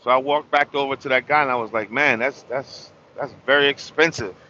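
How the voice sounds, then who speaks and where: A man's voice: medium pitch, fairly even intonation, fairly quick, pushed and bright, lo-fi sound, slight background noise. A tired truck driver telling a long story in a casual vlog, rambling and repeating his words.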